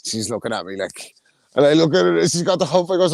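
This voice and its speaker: A man's voice: a little high, very animated, fast, creaky, a little mellow. A man ranting bluntly in casual podcast banter, swearing heavily. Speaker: podcast co-host.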